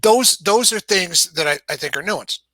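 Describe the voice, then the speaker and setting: A guest from game publishing chats casually in a New York accent, his bright, somewhat high voice carrying lively intonation at normal speed. Thoughtful by nature, he keeps repeating words and starting sentences over while reasoning through his points. The sound is close, dry, and echo-free.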